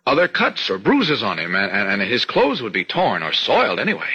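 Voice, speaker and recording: A calm take-charge newspaper reporter who's secretly a hero, old radio drama, very bright edgy voice, raspy and breathy, muffled lo-fi sound. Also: male voice, on the low side, fairly quick, exaggerated voice. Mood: worried. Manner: calm, reassuring, takes charge. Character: mild-mannered male reporter, secretly a superhero, calm and steady. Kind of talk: 1940s radio acting. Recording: dull lo-fi vintage radio recording.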